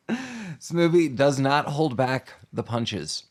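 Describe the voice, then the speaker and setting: A man's voice: on the high side, sing-song, very slow, breathy edge. A man co-hosting a podcast, rambling and laughing as he talks through a film. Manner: giggly, rambling with fillers. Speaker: podcast co-host. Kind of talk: casual movie recap chat.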